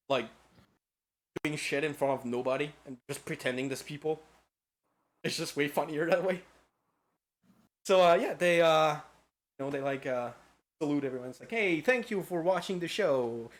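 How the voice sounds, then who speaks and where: A man streaming a casual lecture-style game recap, rambling and profane with lots of filler words. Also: a little high.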